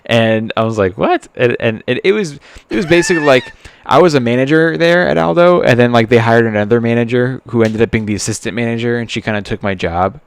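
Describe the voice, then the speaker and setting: A man's voice: mid-range voice, quick pace, clear, resonant tone. A man in his thirties co-hosting a podcast, telling rambling stories and acting out the people he quotes in a raised voice. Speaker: podcast co-host. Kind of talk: casual chat.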